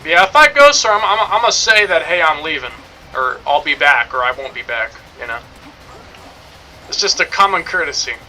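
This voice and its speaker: A man's voice: a little high, expressive, moderate pace, pushed and bright, a little hiss or hum, low-quality recording. A young man streaming a game, rambling and joking in casual commentary, swearing now and then.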